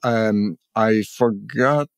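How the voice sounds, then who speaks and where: A man co-hosting a podcast, chiming in with teasing quick remarks in casual chat. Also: fairly low pitch, clean tone. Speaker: podcast co-host.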